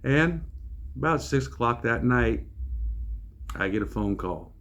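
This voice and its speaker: A man hosting his own channel, telling a story in a casual, animated and joking way with a folksy manner. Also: medium pitch, unhurried.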